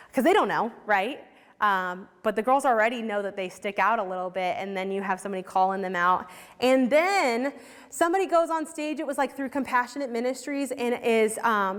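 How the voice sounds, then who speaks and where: Young woman, higher voice, earnest and conversational church speaker, long hall reverb. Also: moderate pace. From Ohio, USA. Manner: earnest, conversational, many fillers and restarts. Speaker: youth ministry worker speaking at church. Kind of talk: church talk with personal stories.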